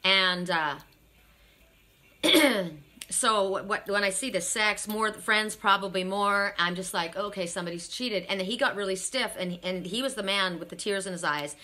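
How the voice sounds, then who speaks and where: A woman's voice: medium pitch, measured pace, bright, forceful tone. A woman telling a story from a psychic reading in a rambling, blunt way, swearing freely. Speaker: psychic reader. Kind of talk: casual spiritual storytelling.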